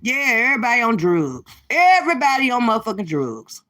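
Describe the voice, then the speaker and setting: A woman's voice: on the high side, sing-song, fairly quick, sharp tone. A woman hosting a casual reaction livestream, delivering profane, sassy trash talk straight to her viewers. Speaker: livestream host.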